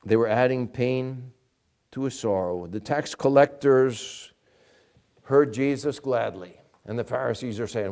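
A man's voice: mid-range voice, measured pace, vocal fry, a little mellow. A man preaching a sermon as pastor, earnest and emphatic, asking the congregation direct questions.

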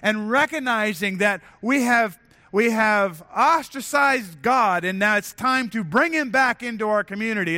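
A man's voice: high voice, bright, forceful tone. A man preaching a sermon to a church congregation, earnest and conversational, often restarting his phrases. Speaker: pastor. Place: church sanctuary.

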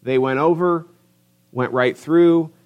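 A man's voice: on the high side, clean tone, muffled recording. A middle-aged man preaching a sermon in a church, telling stories and stretching out words for emphasis. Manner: storytelling, emphatic drawn-out stresses. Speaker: pastor. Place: church sanctuary.

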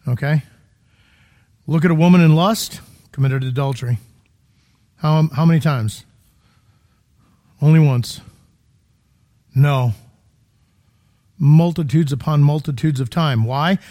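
A man's voice: fairly high pitch, slow pace, pauses often, warm tone. A man preaching a sermon in a conversational, emphatic way, full of rhetorical questions, in a church.

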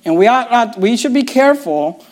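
In a church, a pastor with a high, light voice preaches a sermon emphatically, tossing in mocking, wry asides. Pressing his point, he often stumbles and repeats words, with lively intonation at a normal speed.

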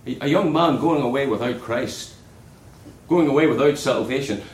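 A man preaching a sermon in an earnest way, dropping low and soft on key words. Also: normal speed, reverberant, a little hiss or hum, rough recording.

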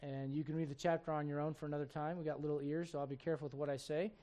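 Racing along in a high-sitting, level voice, a man preaches as pastor. He swings from loud emphasis to quiet asides, acts out the voices he quotes, and fires rhetorical questions at the congregation.

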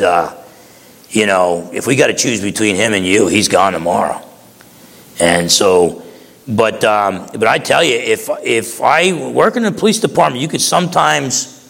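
A man's voice: on the low side, creaky, fairly bright tone. A middle-aged man from New Jersey preaching a sermon, folksy and storytelling, often repeating words as he goes. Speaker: pastor. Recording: long hall reverb.

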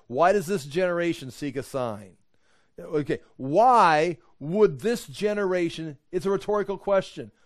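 A man's voice: on the high side, a little mellow, no room sound, studio quality. A man teaching a Bible study, walking through verses and Greek words and acting out quoted voices and rhetorical questions.

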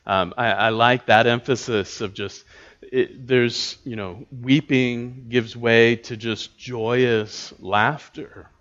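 A man teaching a church class on scripture, thoughtful and halting, with many filler words and restarts. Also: medium pitch, fairly even intonation, a bit bright. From United States. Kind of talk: Bible teaching talk. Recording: dull lo-fi recording.

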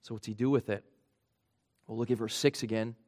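A man preaching a sermon in an earnest way, his voice rising for emphasis and then dropping low and quiet. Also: steady tone, a little fast. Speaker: pastor.

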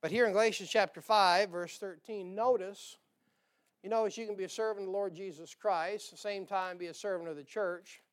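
Folksy high-voiced preacher. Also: male voice, fairly even intonation, a little fast, clear, resonant tone. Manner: folksy, joking, calls out "amen?" often. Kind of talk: sermon. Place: church sanctuary.

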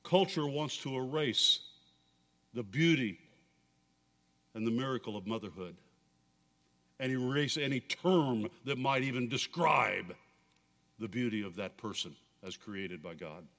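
A man preaching a sermon as pastor, in deliberate, expressive preaching, in a reverberant church hall. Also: medium pitch.

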